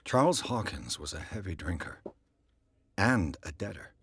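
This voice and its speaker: A man running a tabletop horror game as game master, narrating in a dry, measured way. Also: low-pitched, sing-song, breathy edge.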